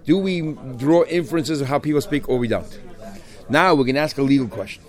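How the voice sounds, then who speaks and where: In a fairly high voice and at a slightly fast clip, this man leads a Talmud class, animatedly questioning his way through the passage and mixing in Hebrew vocabulary.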